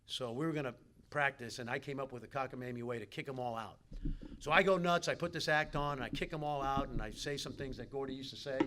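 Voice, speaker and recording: Animated New man giving a speech. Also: medium pitch, fast talker, noisy background. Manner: animated storyteller, talks straight to the players. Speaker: keynote speaker. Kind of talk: motivational dinner speech. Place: banquet hall.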